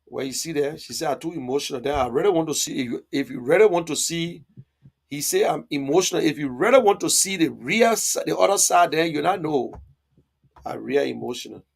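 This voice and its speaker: A man's voice: a little high, a little fast, vocal fry, husky. A man hosting a political live stream, answering viewer comments in an emphatic, repetitive and argumentative way.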